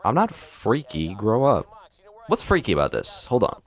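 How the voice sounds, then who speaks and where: Young male streamer, lowish pitch, lively jokey rambling delivery. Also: moderate pace. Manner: joking, rambling, breaks into silly voices. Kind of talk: live gameplay chat.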